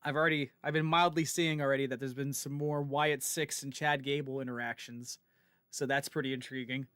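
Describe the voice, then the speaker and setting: Brisk and clear, with a resonant mid-range voice, a man co-hosts a gaming stream in clean studio sound free of room noise. He keeps the chat casual while playing, laughing animatedly through his stories.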